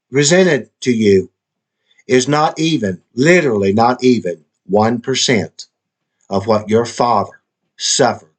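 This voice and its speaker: A middle-aged man speaking straight to his estranged daughter, impassioned and frustrated. He pleads and stammers when upset. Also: medium pitch. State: frustrated, exasperated. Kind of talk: emotional direct-to-camera monologue.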